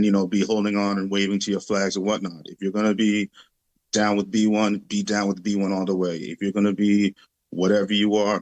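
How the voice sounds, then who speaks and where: A man with a lowish voice that barely moves in pitch, talking in a measured way and filling gaps with "um" and "you know". His voice sounds dry and close, with no room around it. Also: no echo, rough recording. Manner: measured and steady, many fillers like "um" and "you know". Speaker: guest. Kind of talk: casual talk-show commentary.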